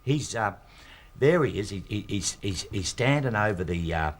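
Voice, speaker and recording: A man's voice: on the low side, animated, moderate pace. An actor in his sixties with an Australian accent, playing a retired working-class husband who tells long jokes, rambling and fumbling for words. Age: 60s. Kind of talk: scripted TV sitcom acting.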